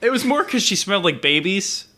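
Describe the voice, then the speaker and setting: A man co-hosting a podcast, telling a crude story in casual banter with quick stammered restarts. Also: high-pitched, sing-song, bright, forceful tone. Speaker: podcast co-host.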